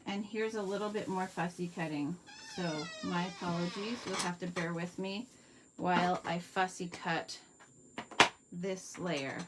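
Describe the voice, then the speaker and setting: A woman's voice: fairly low pitch, steady tone, measured pace, background noise. A Canadian woman hosting a live craft tutorial, chatting viewers through each step at her workspace and answering their comments. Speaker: card-making demonstrator.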